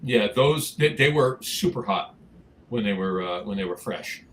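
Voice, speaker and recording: A man's voice: fairly low pitch, animated, measured pace. A man co-hosting a casual beer podcast, rambling with many restarts and fillers. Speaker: podcast co-host. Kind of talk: casual chat about craft beer.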